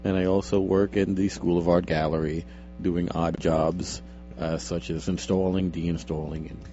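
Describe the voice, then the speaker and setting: A man's voice: deep voice, little pitch movement, moderate pace, mellow, lo-fi sound, faint music behind. A young man co-hosting a casual radio show, joking and teasing with many stammered restarts, talking into a studio mic with headphones. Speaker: radio co-host. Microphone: studio microphone with headphones.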